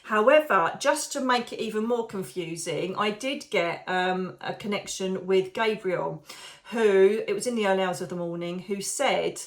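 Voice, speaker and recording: A woman's voice: medium pitch, moderate pace. Chatty, effusive female host from the UK, psychic medium thanking viewers and drifting off topic. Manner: effusive, chatty, digressing, calls viewers darling. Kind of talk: casual chat to viewers.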